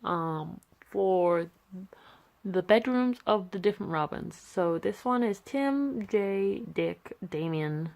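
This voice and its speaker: A woman's voice: mid-range voice, lively intonation, slow pace, vocal fry, darkish tone. A young woman casually talking through her sketchbook, rambling and self-deprecating with many fillers, sleepy and yawning. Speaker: artist vlogger. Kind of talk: casual sketchbook tour chat.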